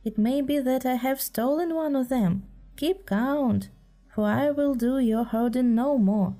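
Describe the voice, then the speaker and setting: A woman's voice: high voice, measured pace, mellow, soft background music, pitched above the performer's own voice. A woman voicing a bold, proud boy raised by wolves, lifting her voice a little, in a storybook reading. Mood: scornful. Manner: proud, scornful.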